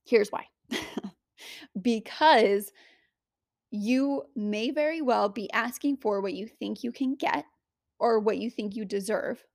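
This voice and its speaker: A woman's voice: fairly high pitch, creaky, dry recording, studio quality. A woman giving motivational spiritual teaching in an earnest, conversational way, full of rhetorical questions.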